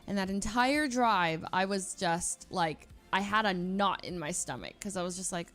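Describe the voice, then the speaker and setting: A woman's voice: medium pitch, normal speed, few pauses, a bit bright, faint music behind. A young woman from Northern California, a streamer telling a long personal story in a casual, rambling way with lots of fillers.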